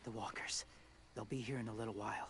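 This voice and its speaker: A man playing a quiet, hesitant man who moves among the dead, heard in game audio with ambient noise. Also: fairly low pitch, fairly even intonation, quick pace, natural voice.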